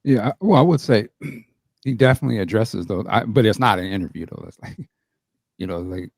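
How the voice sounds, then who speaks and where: Brief: deep-voiced male podcast co-host, easygoing and inquisitive, recorded dry with no room sound. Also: normal speed, gravelly, no echo. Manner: relaxed, questioning, loosely phrased with frequent likes. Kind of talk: casual discussion.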